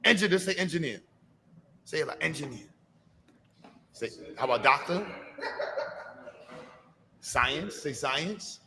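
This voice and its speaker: A man's voice: a little high, lively intonation, slow, vocal fry, long pauses, bright, forceful tone, slight background noise. A man hosting a live expo, coaxing a child with playful, hype-filled encouragement. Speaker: event host. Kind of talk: energetic live event hosting.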